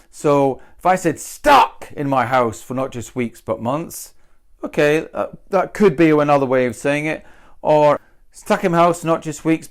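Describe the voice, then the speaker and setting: A man from Britain, with a voice sitting a little on the high side, leads a relaxed English pronunciation lesson. He thinks aloud as he goes and says each example sentence over several times, moving the stress to a new word each time. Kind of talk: explanatory lesson.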